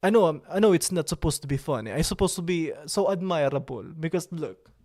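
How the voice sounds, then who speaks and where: A man hosting a livestream, chatting with viewers in a playful, vain, mock-serious way. His phrasing is halting and broken, and he drops in occasional French words. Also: fairly high pitch, expressive, a little mellow. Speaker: livestream host. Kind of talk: casual livestream chat with viewers.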